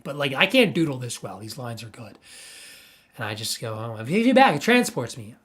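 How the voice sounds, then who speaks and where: A man's voice: medium pitch, animated, normal speed, fairly bright tone. A young man casually hosting a livestream, rambling and stammering playfully as he reacts to viewers' art. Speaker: livestream host reviewing NFT art.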